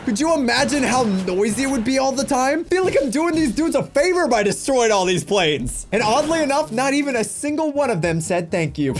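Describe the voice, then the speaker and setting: A young man commentating on a video game he is playing, excitable and joking, talking to his viewers. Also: very high voice, fairly quick, faint music behind. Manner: excitable, jokey, addresses viewers as guys. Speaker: gaming YouTuber. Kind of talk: energetic let's-play commentary.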